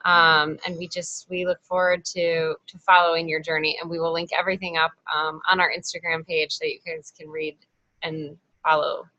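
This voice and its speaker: Casting: bright, giggly female co-host, upbeat wrap-up talk. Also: fairly low pitch, flat delivery, moderate pace, no echo, muffled recording. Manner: upbeat, giggly, many fillers. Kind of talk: friendly podcast hosting.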